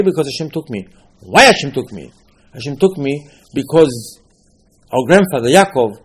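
Husky-voiced man teaching Torah. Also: mid-range voice. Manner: emphatic, repetitive, switching between English and Hebrew quotes. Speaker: rabbi. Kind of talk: Torah lesson.

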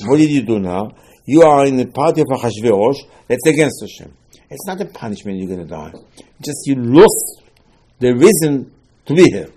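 A rabbi teaches Torah in an emphatic lecture, his voice medium-pitched and mellow with a breathy edge. He repeats himself, poses questions and answers them, and speaks in broken English.

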